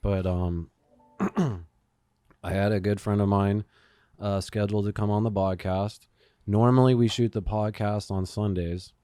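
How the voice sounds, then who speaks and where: A man's voice: on the low side, fairly even intonation, measured pace, long pauses, warm tone, clear, resonant tone, no room sound, clean studio sound. A man hosting a podcast, telling a story in casual chat, swearing often and using lots of fillers. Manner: profane storytelling, swears a lot, many fillers. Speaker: podcast host.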